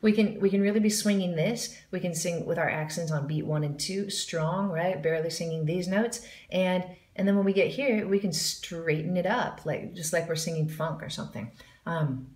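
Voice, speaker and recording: A woman's voice: on the low side, normal speed, darkish tone, echoey room. A woman giving a jazz singing lesson, explaining the music and counting in before she scat-sings the examples. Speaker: vocal jazz teacher.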